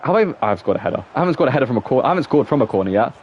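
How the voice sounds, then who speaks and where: A man's voice: mid-range voice, sing-song, rapid-fire, a little hiss or hum. A young man with an English accent chatting casually while playing a football game on a live stream, rambling and reacting to the match. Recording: dull, muffled sound.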